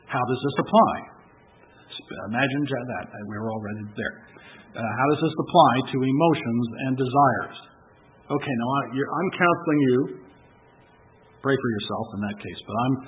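A middle-aged man giving a sermon as a pastor, speaking conversationally and repeating key phrases for emphasis. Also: medium pitch. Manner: conversational preaching, emphatic repetition. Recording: tinny narrow-band radio broadcast.

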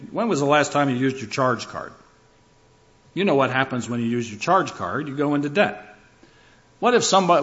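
A man's voice: a little high, fairly bright tone, lo-fi sound. A man preaching a sermon, building his points through rhythmic lists and shifts in emphasis. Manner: emphatic, rhythmic lists with rising and falling delivery.

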